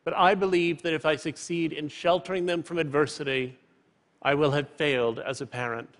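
A man in his fifties giving a prepared public talk from a stage, in a measured, eloquent way. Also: fairly high pitch. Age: 50s. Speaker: public speaker. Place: stage in a large hall. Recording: reverberant large auditorium.

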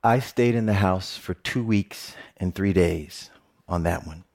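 A middle-aged man, a television reporter, telling a personal story in a talk with animated, joking delivery. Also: measured pace. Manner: animated, jokey storytelling with big pitch swings.

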